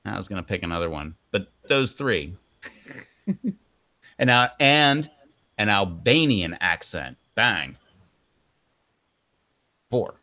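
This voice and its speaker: A man's voice: fairly low pitch, big pitch swings, slow pace, pauses often, bright, forceful tone, no room sound. A man co-hosting a casual live stream, rambling and joking as he hypes up his co-host. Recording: dull lo-fi sound.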